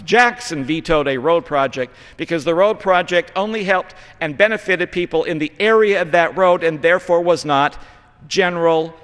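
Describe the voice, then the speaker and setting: Middle-aged congressman from Utah, fairly high voice, earnest lecturing floor speech, long reverb of a big chamber. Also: a bit bright. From Utah, United States. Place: large legislative chamber.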